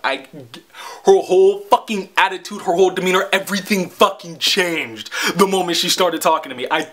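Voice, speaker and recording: Young male vlogger, high-pitched and sharp, rambling profane rant. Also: brisk. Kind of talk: casual storytelling rant.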